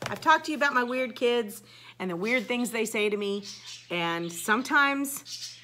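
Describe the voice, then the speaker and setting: Middle-aged teacher woman, chatty storyteller, bright and sharp tone, lively swoops. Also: on the high side, unhurried, a little hiss or hum. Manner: chatty, animated storytelling with quoted voices. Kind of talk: casual vlog monologue.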